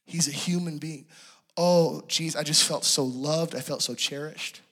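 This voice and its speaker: A man preaching a sermon testimony at a church service, moving from hushed, tender storytelling to impassioned pleading. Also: a little high, fairly even intonation, measured pace.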